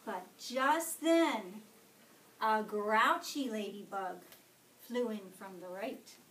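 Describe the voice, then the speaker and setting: A woman reading a picture book aloud to a kindergarten class, slowly and expressively, often checking in with the children. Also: mid-range voice, slight background noise. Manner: slow and expressive, asking the children questions. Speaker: storyteller. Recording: echoey classroom from far off.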